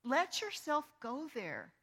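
Bright-voiced woman teaching from scripture. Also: high voice, huge pitch swings, takes it slowly. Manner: reads scripture aloud with emphasis; earnest and conversational, with small restarts. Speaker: Bible teacher. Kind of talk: teaching on forgiveness.

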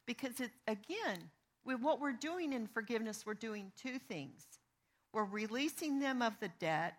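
A woman with a bright, ringing voice, pitched a little high, teaching from the Bible. She talks earnestly and plainly, leaning on the verses as she reads them aloud. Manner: reads scripture aloud with emphasis; earnest and conversational, with small restarts. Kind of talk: teaching on forgiveness.

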